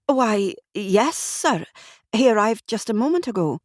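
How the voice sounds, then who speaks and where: A woman's voice: mid-range voice, very animated, a little mellow, dry recording, studio quality, pitched above the performer's own voice. A woman voicing a flustered, jittery clerk. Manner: nervous, hurried. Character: flustered male shipping clerk.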